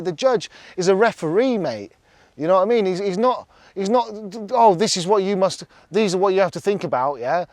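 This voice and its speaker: A man's voice: sits high, dry recording. A young man, ranting in casual talk, emotional and swearing, with many "yeah?" tags. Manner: emotional, swearing, repeats "yeah?" and "you know what I mean?". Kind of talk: angry casual rant.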